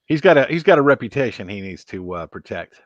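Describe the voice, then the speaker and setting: A man's voice: medium pitch, sing-song, quick pace, no echo. A man hosting a casual late-night live stream on a laptop mic, joking around and reading out viewer comments. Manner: jokey, keeps reading out viewer chat and counts. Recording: dry, dull lo-fi sound.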